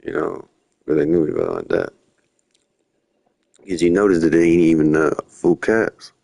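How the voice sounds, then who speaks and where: A young man talks on a live stream, wandering loosely from one story to the next in casual slang. His voice sits very low. The sound is dry and close, with no room around it. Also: very animated, moderate pace, gravelly, mellow, no echo. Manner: rambling, slangy, drifting storytelling. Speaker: livestreamer. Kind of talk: rambling live-stream chat.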